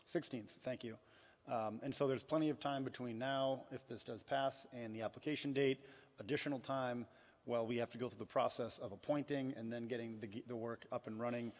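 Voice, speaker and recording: Male councilor, steady and even, chamber reverb. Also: mid-range voice. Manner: measured, matter-of-fact. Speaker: city councilor. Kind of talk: council floor remarks.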